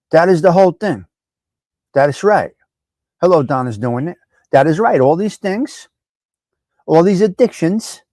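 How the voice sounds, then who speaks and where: Animated preachy man, dry close mic. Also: on the high side, dry recording. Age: middle-aged. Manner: animated, preachy, talks straight to viewers. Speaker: live stream host. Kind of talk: casual chat reading viewer comments.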